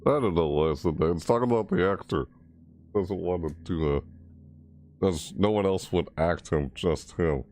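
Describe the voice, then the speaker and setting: A slightly mellow man at a moderate pace, this gaming video creator delivers his game overview and reaction in a low mumble. His talk wanders casually, with frequent restarts as he fixes his wording.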